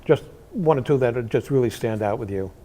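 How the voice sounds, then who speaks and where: A man's voice: mid-range voice, expressive, brisk, warm tone. A man hosting an interview, asking questions with many fillers and restarts. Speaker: interview host.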